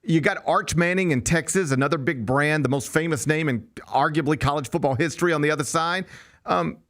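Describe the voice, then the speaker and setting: A man's voice: a little high, a little fast, a bit bright. A man hosting a college sports talk show, interviewing a guest and making his case at length. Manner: conversational, argues points at length. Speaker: sports radio host.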